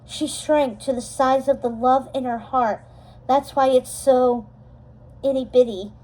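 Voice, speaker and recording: A woman reading a storybook aloud, voicing a warm, kind fairy godmother who speaks gently and reassuringly. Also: high voice, steady tone, a little slow, poor audio. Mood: gentle.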